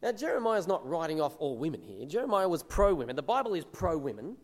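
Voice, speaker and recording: A man's voice: a little high, big pitch swings, fast talker, in a large hall. A man preaching a sermon, reading verses aloud and explaining them in an earnest, emphatic way.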